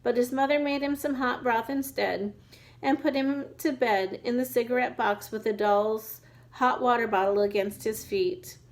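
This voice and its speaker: A woman reading a children's book aloud at a steady pace, now and then restarting a word. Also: fairly high pitch, normal speed, poor audio. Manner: steady reading with occasional restarts over words. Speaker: reader.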